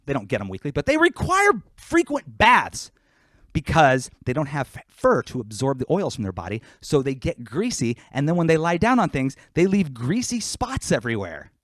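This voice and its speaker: A man's voice: a little high, moderate pace, no echo, clean studio sound. A man from Queens with a New York accent, joking casually with his audience and then rapping a comic song. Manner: animated, joking, rapping over a beat. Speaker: musician performing a livestream. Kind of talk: casual stage banter and rap performance. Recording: hip hop backing track behind the voice.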